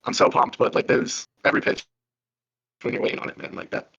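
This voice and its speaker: A man calling in to a podcast, talking in an excited, rambling way with many fillers, heard over a muffled phone line. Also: quick pace. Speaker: caller. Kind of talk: casual chat. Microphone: phone call.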